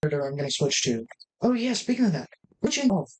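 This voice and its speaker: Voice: mid-range voice, very animated, fast talker, a little mellow, low-quality recording. A let's-play host giving casual gameplay commentary, rambling and thinking aloud with many restarts while talking straight to the viewers.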